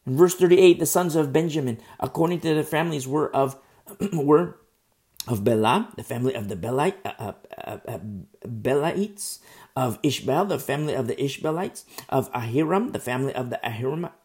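A man preaching verse by verse, earnest and rambling, stumbling over hard names and pausing often because his throat is sore. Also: medium pitch, animated, darkish tone. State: sore throat, pauses to drink tea. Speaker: pastor. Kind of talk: verse-by-verse Bible teaching.

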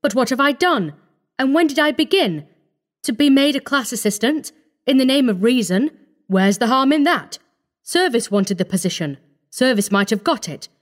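A woman voicing a frightened young male student in a storybook reading, hoarse and pleading. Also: sits high, animated, normal speed, voice pushed up. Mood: desperate. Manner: shaken, pleading.

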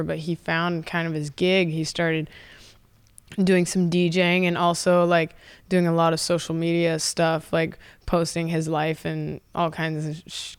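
A laid-back woman from San Diego chatting as a podcast guest. Her voice is lowish and smooth, and she tells stories loosely, cursing freely and laughing along the way. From San Diego, USA. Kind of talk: casual chat.

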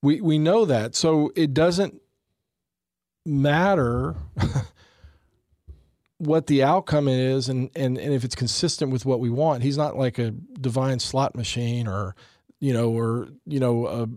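A man's voice: medium pitch, slow pace, darkish tone, dry recording. Man, forties, earnest, reflective, restarts his phrases, dry close mic. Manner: earnest, reflective, repeats words when starting. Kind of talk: faith discussion conversation.

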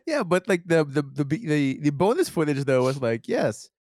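Higher-voiced man laughing through casual chat. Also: very animated, normal speed, darkish tone, no echo, clean studio sound. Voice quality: laughs often, playful sarcasm. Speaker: podcast co-host.

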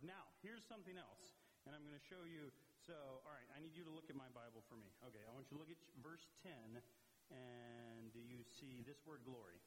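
A young man preaching a lively, joking youth sermon, quizzing the young people in front of him. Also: medium pitch. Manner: energetic, joking with the audience, asks questions. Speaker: youth pastor. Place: church youth room, in front of a group. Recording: roomy hall with faint hiss.

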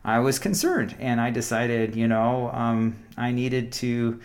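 A man co-hosting a casual Bible study talk, calm and reflective, often murmuring agreement. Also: medium pitch, slow pace. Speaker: co-host of a Bible study show.

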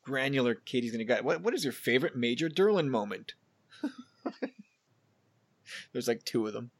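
Male podcast host, casual chat, animated and quick, average pitch, frequent restarts.

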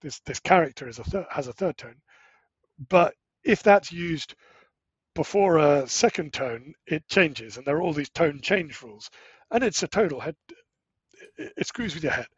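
A middle-aged man talks as an interview guest, explaining things with quick asides and restarts. His voice is a bit husky and sits fairly high. The recording is dry and a little dull. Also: no room sound. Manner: animated, explains with quick asides and self-corrections. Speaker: guest, language-learning startup co-founder. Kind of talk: casual explanatory interview talk.

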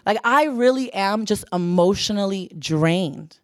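A woman's voice: medium pitch, animated, measured pace, dry recording, studio quality. Earnest young woman preaching. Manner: earnest, repeats phrases for emphasis. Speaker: church speaker. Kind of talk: sermon.

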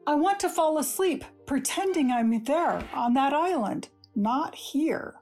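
Woman, story reading, slow and gentle, lingering pauses, high voice. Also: lively intonation, faint music behind. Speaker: story reader. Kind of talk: reading a first-person short story aloud.

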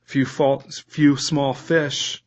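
A man's voice: mid-range voice, level tone, very slow, highs cut off. A man preaching a sermon as a pastor, reading scripture aloud and putting questions to his listeners.

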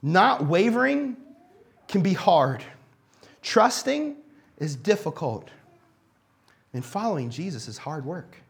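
A man giving a sermon in a church hall, conversational and animated, sometimes dropping to a quiet, reflective tone. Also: high voice, slow pace, gravelly, long pauses. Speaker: pastor.

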